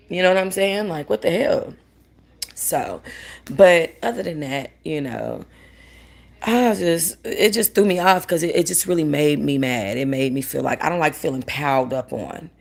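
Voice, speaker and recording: A woman, casually telling a story in an animated rant, quoting the people involved and swearing. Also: sits low, gravelly, breathy edge. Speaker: vlogger.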